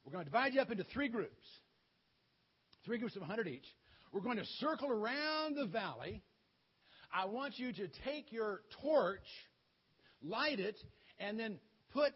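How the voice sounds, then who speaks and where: A man's voice: high-pitched, sing-song, moderate pace, long pauses, husky, full character voice. A man doing Gideon, a jittery army leader. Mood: eager. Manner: eager, conversational commands. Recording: dull lo-fi sound.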